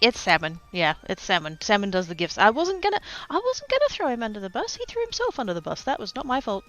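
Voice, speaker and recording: A woman chatting casually with her viewers on a livestream from home, playful and silly, breaking into sudden high squeals as she reads and answers chat. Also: huge pitch swings, quick pace, few pauses, dull audio.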